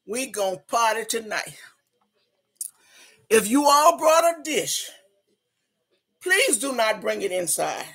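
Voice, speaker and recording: A woman doing a bossy big party hostess, slow and hollering, bright voice, a bit out of breath. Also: on the high side, husky, full character voice. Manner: hollering, drawn-out, Southern-style slang. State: a little out of breath. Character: loud brassy big woman hosting a party club. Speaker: host. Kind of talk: comedic character monologue.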